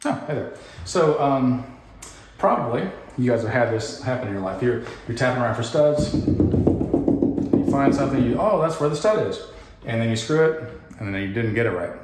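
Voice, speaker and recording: Male DIY vlogger, deadpan jokester, echoey unfinished room, faint noise. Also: medium pitch, moderate pace. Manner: deadpan jokey, puns and mock anger. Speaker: home renovation vlogger. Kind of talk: joking DIY how-to vlog. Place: house under renovation, indoors.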